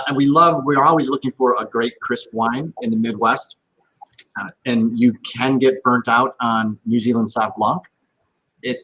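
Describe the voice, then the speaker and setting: A man's voice: medium pitch, a bit bright, low-quality recording. Eager male interviewer with restarts. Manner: enthusiastic, stumbling restarts. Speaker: host. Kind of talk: virtual tasting interview. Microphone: video call.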